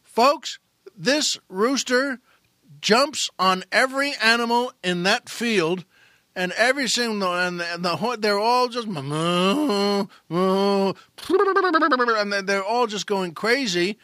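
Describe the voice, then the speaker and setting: A man hosting a comedy podcast, spinning a long shaggy-dog joke with animated restarts and asides to the audience. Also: high voice, takes it slowly, no room sound, clean studio sound. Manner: animated storyteller with frequent restarts. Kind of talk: telling a long comic joke.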